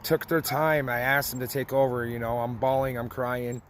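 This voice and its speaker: A man's voice: medium pitch, little pitch movement, normal speed, a bit bright, a little hiss or hum. A young adult man, a father, giving a blunt, emotional personal testimony that turns tearful at times. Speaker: father telling family story.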